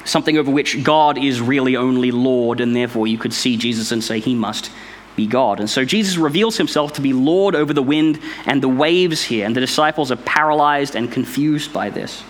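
A man's voice: mid-range voice, fairly quick, hardly any pauses, a little hiss or hum. A man giving an informal Bible study, explaining step by step in a thoughtful, conversational way. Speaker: Bible teacher.

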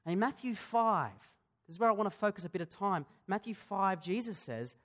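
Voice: mid-range voice, animated, a little fast, a bit bright. A pastor preaching a sermon in a church, in a conversational way, asking the congregation questions and often restarting his sentences.

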